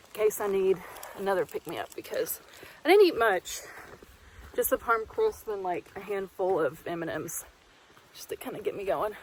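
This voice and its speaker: A woman's voice: medium pitch, a little hiss or hum, poor audio. Woman hiker vlogger, out of breath, chatty rambling talk, outdoor trail, handheld camera. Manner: chatty, rambling, quick to laugh. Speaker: vlogger hiking solo. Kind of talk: casual vlog monologue.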